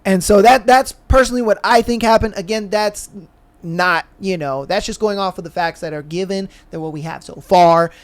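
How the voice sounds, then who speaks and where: A man's voice: high voice, normal speed. A man co-hosting a podcast, telling his theory in a loose, slangy way and acting out the people in it. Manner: animated, slangy storytelling that acts out quoted kids. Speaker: podcast co-host. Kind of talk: casual podcast chat.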